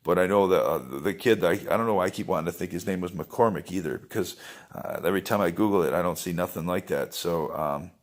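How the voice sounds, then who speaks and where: Low-voiced man rambling on casually. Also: fast. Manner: rambling, meandering, swears freely. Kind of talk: casual spoken monologue.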